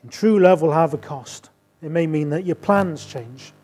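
A middle-aged man preaching a sermon, rising to emphatic bursts and dropping to quiet asides. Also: a little high, moderate pace.

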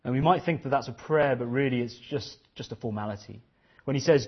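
A man's voice: mid-range voice, fast talker, breathy edge, muffled recording. A man preaching a sermon, earnest and questioning, often repeating his phrases.

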